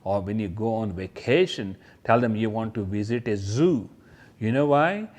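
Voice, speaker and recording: A man teaching kindergarten children, talking straight to them about letters and toys in a slow, sing-song way and imitating sounds. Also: fairly low pitch, a little mellow.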